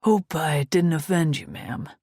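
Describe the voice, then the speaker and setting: A woman's voice: sits low, measured pace, mellow, no room sound, studio quality. A woman voicing a charming biker with a slight Italian accent. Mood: courteous.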